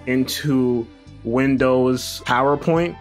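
A man's voice: medium pitch, takes it slowly, faint music behind. A young man hosting a casual video editing tutorial from his living room, slangy, profane and joking.

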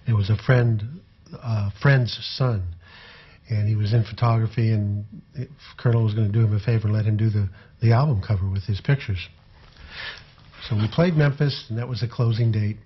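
An older man, a former tour photographer, recalling his memories in an unhurried, rambling way with frequent fillers. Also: lowish voice, fairly even intonation, slightly rough, dull audio. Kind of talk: conversational anecdotal storytelling.

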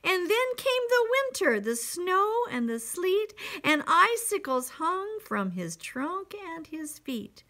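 A woman's voice: very high-pitched, big pitch swings, slow pace, a bit bright. A woman teacher reading a picture book aloud to young children, expressively, with asides to them.

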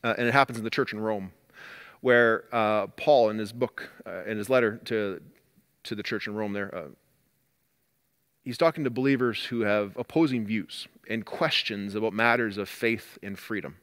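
A man preaching a sermon as pastor, earnest, swinging up and down in pitch and loudness for emphasis and restarting words now and then. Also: steady tone, moderate pace. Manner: earnest, rises and drops in pitch and volume for emphasis.

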